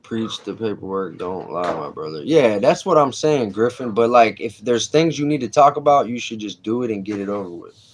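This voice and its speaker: A man's voice: on the low side, moderate pace, a little hiss or hum. A man hosting a casual livestream, talking bluntly in street slang and answering chat. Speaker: livestream host.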